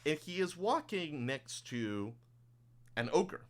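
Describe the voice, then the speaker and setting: A man's voice: fairly high pitch, sing-song, takes it slowly. A man narrating as game master of a tabletop game, improvising loosely with many fillers.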